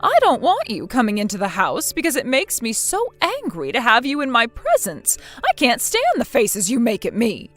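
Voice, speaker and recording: A woman voicing a spiteful, domineering older mother-in-law in a scripted text-message drama, scolding harshly and loudly. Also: on the high side, huge pitch swings, moderate pace, hardly any pauses, faint music behind, heavily acted.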